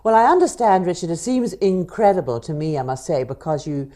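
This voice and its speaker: A woman hosts a radio interview and introduces her guest with a polished, welcoming manner. Her voice sits low and has a soft, dark tone. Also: sing-song, brisk. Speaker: radio host.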